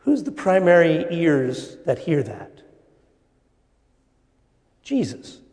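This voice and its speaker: Man, preacher, sermon, deliberate pauses, slightly high voice, long hall reverb. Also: wildly swooping pitch, darkish tone.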